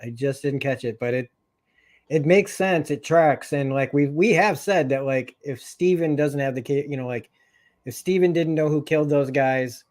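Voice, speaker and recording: A man co-hosting a casual podcast discussion, speaking in a halting way with frequent restarts. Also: on the high side, darkish tone. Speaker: podcast co-host.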